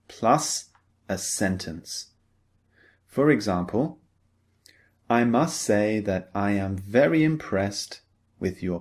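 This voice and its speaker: A man teaching English in a recorded lecture, explaining slowly and patiently, step by step. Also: fairly low pitch.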